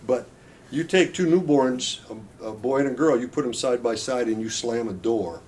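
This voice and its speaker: A man's voice: on the low side, a little mellow, slight background noise. Folksy middle-aged man lecturing a crowd. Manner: folksy and joking, keeps checking in with the audience. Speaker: marriage seminar speaker. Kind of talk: conversational lecture to an audience.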